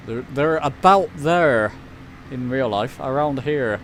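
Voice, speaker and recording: A man's voice: mid-range voice, animated, slow pace, slight background noise. A man chatting casually while streaming a flight simulator, rambling and reading chat aloud. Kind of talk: casual live-stream commentary.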